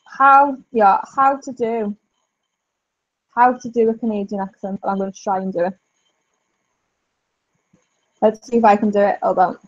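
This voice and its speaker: A woman's voice: mid-range voice, fairly even intonation, measured pace, long pauses, muffled recording. A woman hosting a casual live-stream chat, thinking aloud and talking straight to her viewers.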